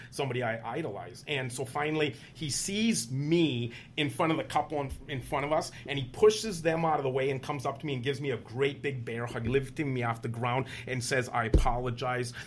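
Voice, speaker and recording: A man's voice: medium pitch, a little fast, hardly any pauses, a little hiss or hum. A man in his fifties from Wisconsin, telling stories animatedly as an interview guest and acting out other people's lines. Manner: lively, animated storyteller who acts out other people's lines. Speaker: guest, state senator and former teacher. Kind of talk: animated storytelling in a conversational interview.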